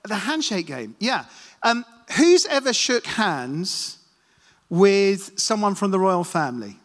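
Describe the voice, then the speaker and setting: A man with a fairly high voice gives a relaxed, chatty sermon in a church hall. The reverb rings long behind him. He tells self-deprecating stories and puts questions to the congregation. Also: slow pace. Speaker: preacher. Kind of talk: casual sermon with anecdotes.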